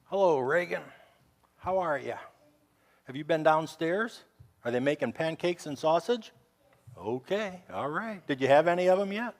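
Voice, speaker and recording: A male pastor chatting with children and acting out a story with friendly, animated voices. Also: fairly high pitch, moderate pace, pauses often.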